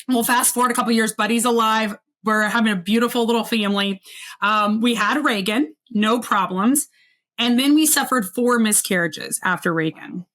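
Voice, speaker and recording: A woman guest on a podcast interview, telling a personal story in an earnest, reflective way and slowing down at the painful parts. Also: a little high, a bit bright.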